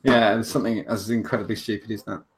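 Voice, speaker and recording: A man's voice: lowish voice, fairly even intonation, rapid-fire. A man hosting a casual livestream chat, rambling and self-mocking, with lots of restarts. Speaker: host.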